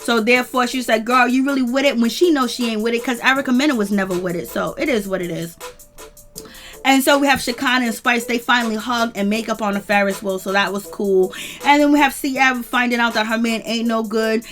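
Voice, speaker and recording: Woman doing a reality show recap, chatty and opinionated, kinda high voice, faint music behind her. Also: fairly quick, a bit bright. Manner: chatty, opinionated, many "you know" fillers. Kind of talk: casual gossip recap.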